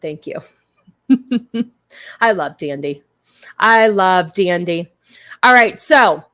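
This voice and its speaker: A woman's voice: medium pitch, fairly bright tone. A woman hosting a casual livestream who chats with her viewers. She is blunt, crude and joking, and she thanks her supporters effusively. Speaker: livestream host.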